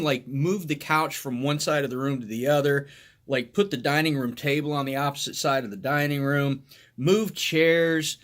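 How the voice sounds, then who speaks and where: A man's voice: a little high, a bit bright. A middle-aged man, a former police officer, telling a crude, funny anecdote in a casual way and often laughing as he goes.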